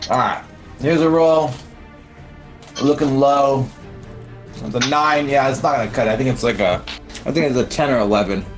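A man's voice: mid-range voice, normal speed, long pauses, soft background music. A man playing a tabletop game, rambling through his turn with many fillers and restarts. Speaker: player. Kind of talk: casual narration of a tabletop game.

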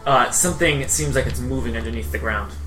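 A man narrating as game master in a tabletop game, in loose, halting narration with fillers. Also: medium pitch, sharp tone, soft background music.

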